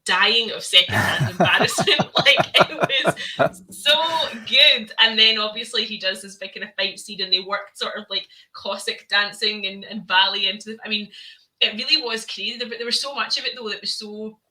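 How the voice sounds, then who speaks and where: A woman co-hosting a podcast, chatting about films in an animated way with frequent laughter. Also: medium pitch, moderate pace, rough recording. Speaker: podcast co-host. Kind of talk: casual film review chat.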